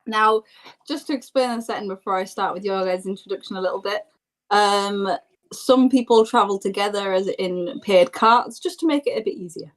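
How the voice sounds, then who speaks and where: A woman narrating scenes as game master of a tabletop role-playing game, descriptive and relaxed. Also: mid-range voice, normal speed, poor audio.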